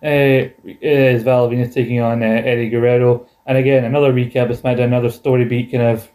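A man chats through an old wrestling broadcast with a co-host. His talk is loose and rambling, with swearing and jokey asides, and his pitch sits at an ordinary middle height. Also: flat delivery, brisk, darkish tone. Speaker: podcast co-host. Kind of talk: casual chat recapping wrestling.

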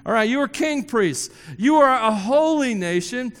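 A man's voice: extremely high pitch, animated, unhurried, fairly bright tone, long reverb tail. A man preaching a sermon to a congregation, joking with the crowd and emphatically repeating key phrases. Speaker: pastor. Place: church hall before a congregation.

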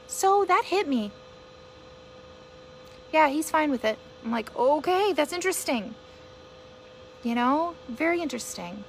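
A woman's voice: fairly high pitch, fairly bright tone, a little hiss or hum. Earnest woman giving a pep talk. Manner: earnest, rambling, encouraging, speaks straight to listeners. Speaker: podcast host and mother. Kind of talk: casual motivational monologue from a live stream.

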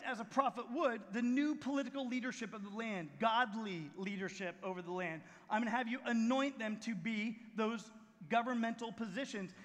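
High-voiced, bright pastor preaching in a hall. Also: male voice. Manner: dramatic storytelling, acting out scenes with shouts and hushed asides. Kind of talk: sermon.

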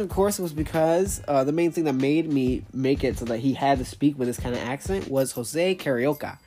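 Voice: mid-range voice, a little mellow. A person casually explaining the characters they created, rambling with many fillers, self-corrections and the odd swear. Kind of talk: casual unscripted talk.

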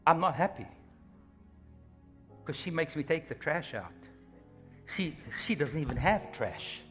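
A man with a high voice preaches a lively, humorous sermon. He acts out little scenes in passing, with faint music underneath. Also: a little slow. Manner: animated, humorous preaching with acted-out asides. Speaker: pastor.

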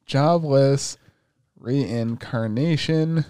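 A young man hosting a casual chat, retelling an anime with lots of swearing and excitable energy. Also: mid-range voice, drawn-out words, smooth, no room sound. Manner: profane, excitable storytelling.

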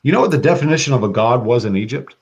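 A man talking as a podcast guest in casual chat, excitable and profane, breaking into loud bursts when quoting. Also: mid-range voice, racing, vocal fry, breathy edge. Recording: dull lo-fi sound.

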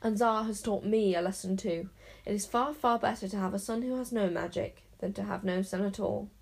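A woman's voice: mid-range voice, a little fast, creaky, darkish tone, breathy edge. A woman doing a grand stern enchanter. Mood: proud. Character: grand stern male enchanter, proud and grim.

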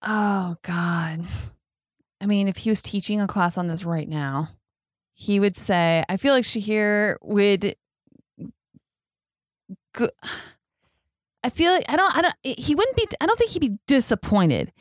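A woman's voice: mid-range voice, lively intonation, a little slow, pauses often, no room sound, studio quality. A woman guest on a podcast in casual chat, hesitant and often trailing off.

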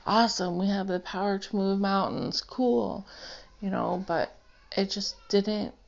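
A woman's voice: on the low side, gravelly, darkish tone. A woman sharing a personal Christian testimony, earnest and rambling with many fillers, seated indoors. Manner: emotional, close to tears. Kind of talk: personal testimony, casual storytelling. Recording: dull, lo-fi home recording.

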